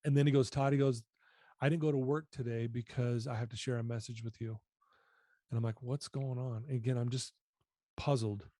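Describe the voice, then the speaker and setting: An earnest man recounts his personal story as a podcast guest. His tone is mellow and dark, and he often sinks to a quieter register. The sound is dry and close. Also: medium pitch, fairly even intonation, brisk, dry recording. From United States. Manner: earnest, reflective, often drops voice.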